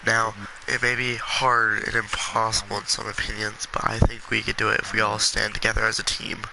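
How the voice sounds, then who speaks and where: A congested man talking earnestly and with passion in a gaming vlog, with halting restarts. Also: on the low side, monotone, vocal fry, noisy background. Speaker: gaming video creator.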